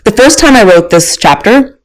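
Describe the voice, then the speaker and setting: A woman in her thirties, a guest author on an interview, talking candidly in a lively way. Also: on the high side, moderate pace, poor audio. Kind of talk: conversational interview.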